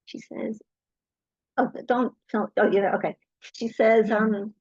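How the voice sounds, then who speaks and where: Speaking to an audience, this middle-aged woman spins lively anecdotes and performs the voices of the characters in them. She has a slightly high, husky voice and takes her time. There's no room sound, and the high frequencies are cut off.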